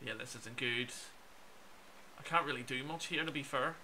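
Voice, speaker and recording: A young Northern Irish man in his twenties with a Belfast accent streams a video game, chatting with viewers and letting out exclamations as he plays. His medium-pitched voice comes at a moderate pace, sounding pushed and bright, with a slight hiss or hum in the background.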